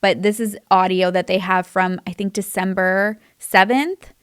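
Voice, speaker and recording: A woman's voice: mid-range voice, fairly even intonation, measured pace, clear, resonant tone, no room sound. Chatty young woman with a dry close sound. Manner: chatty, says "like" a lot; emphatic and indignant. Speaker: true crime commentator. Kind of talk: casual commentary.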